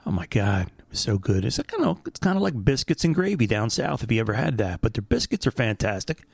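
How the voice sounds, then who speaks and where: A man casually reviewing food in a home vlog, enthusiastic and animated. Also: mid-range voice, fast talker, creaky, husky, no echo. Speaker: vlogger. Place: bedroom at home.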